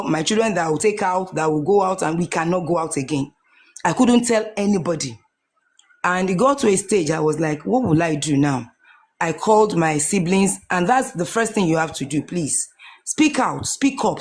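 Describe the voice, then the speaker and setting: Earnest Nigerian woman telling her story. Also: lowish voice. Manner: earnest, repeats phrases, restarts often. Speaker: guest sharing a testimony. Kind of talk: emotional personal testimony.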